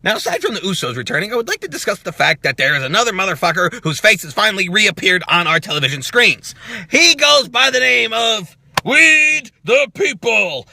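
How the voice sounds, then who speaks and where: A man hosting a wrestling reaction show, ranting loudly with profanity and mockery. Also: no echo. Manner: loud, profane, mocking, with swings of pitch and volume. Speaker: wrestling review host.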